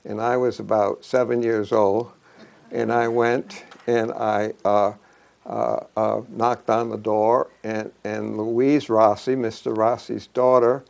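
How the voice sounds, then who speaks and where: Older male local historian, unhurried, hesitant delivery, gravelly texture. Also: fairly low pitch, a little mellow. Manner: halting, many fillers and restarts. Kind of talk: reminiscing talk.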